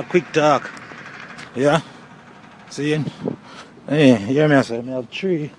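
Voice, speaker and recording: A man's voice: mid-range voice, noisy background. Flirty Jamaican man on a phone voice note. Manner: playful, flirtatious, rambling patois. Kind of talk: casual voice note to a partner. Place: outdoors.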